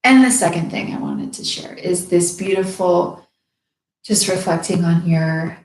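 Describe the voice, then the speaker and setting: A woman's voice: on the low side, a little slow, a little mellow, a little hiss or hum. A young woman talking candidly and emotionally in a casual heartfelt conversation, swearing freely. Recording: echoey room.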